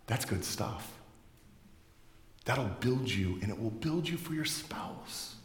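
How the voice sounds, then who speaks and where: A man preaching a sermon to his congregation, talking in a loose, joking way. His voice sits at an ordinary middle pitch. It rings out through a large hall with a long, echoing reverb. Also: expressive, takes it slowly, long pauses. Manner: conversational, joking delivery. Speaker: pastor.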